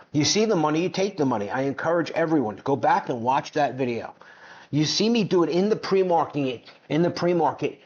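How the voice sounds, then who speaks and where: A man's voice: a little high, darkish tone. A man giving brash, mocking commentary on finance clips, boastful and combative. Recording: dull lo-fi sound.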